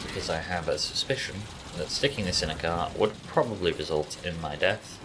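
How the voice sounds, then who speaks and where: A man's voice: sits low, fairly quick, very noisy. Chatty man streaming a game. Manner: chatty, jokey, talks to chat while playing. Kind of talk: casual gameplay commentary.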